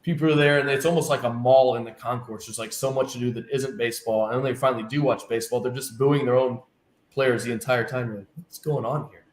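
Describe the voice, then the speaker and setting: A man with a medium-pitched voice talks fast as a guest in a casual interview, where he works as a team's travel director. He tells animated anecdotes and acts out the quoted dialogue. The room is echoey, with faint ambience behind him.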